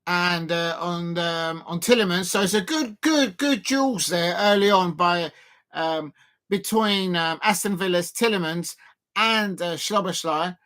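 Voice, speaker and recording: A man hosts a casual football watch-along stream from his desk at home, speaking close to the mic. His voice sits a touch higher than most men's. He rambles, restarts sentences and fills gaps with ums while commenting on the match. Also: measured pace, fairly bright tone. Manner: rambling, self-deprecating, many fillers and restarts.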